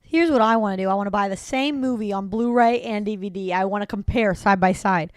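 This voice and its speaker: Podcast co-host, young woman, medium pitch, excitable and rambling; dry close recording. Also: brisk, no room sound. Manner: animated, rambling, bursts of excitement. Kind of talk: casual chat.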